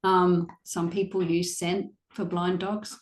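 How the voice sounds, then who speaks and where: A woman's voice: on the low side, little pitch movement, slow pace, echoey room, a little hiss or hum. A woman dog trainer talking casually about her clients, chatty with frequent fillers and laughter. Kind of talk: casual conversational chat.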